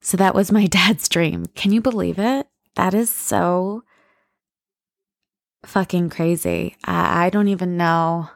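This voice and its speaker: A woman's voice: on the low side, fairly even intonation, takes it slowly, creaky, no room sound, studio quality. A woman retelling her father's dream, heartfelt and hesitant, teary-eyed at times. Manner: heartfelt, hesitant, with fillers and restarts. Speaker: storyteller. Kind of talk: emotional retelling of a story.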